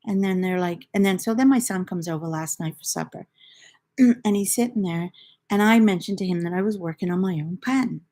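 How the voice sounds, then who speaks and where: A woman's voice: lowish voice, fairly quick, mellow. An older woman from the United Kingdom, hosting a knitting livestream in a rambling, chatty storytelling way. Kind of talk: casual chat.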